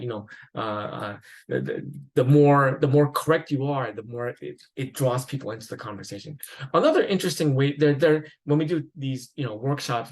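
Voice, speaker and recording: A man's voice: mid-range voice, poor audio. A man lecturing at a psychiatry conference in a conversational way, with fillers, restarts and the odd laugh.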